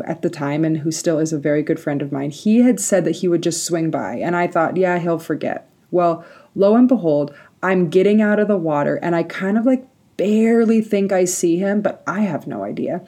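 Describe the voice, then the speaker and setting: Warm-voiced woman telling a lively story. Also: fairly low pitch, moderate pace. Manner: lively personal storytelling with frequent likes and laughs. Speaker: podcast host. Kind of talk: solo podcast storytelling.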